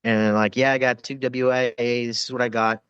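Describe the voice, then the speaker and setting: Casting: male podcast guest, rough-edged storyteller, cursing freely, dry close sound with a dull top end. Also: mid-range voice, flat delivery, a little fast, fairly bright tone, dry recording. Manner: profane, rambling war stories with frequent fillers and laughs. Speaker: podcast guest, former Navy corpsman. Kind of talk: casual storytelling interview.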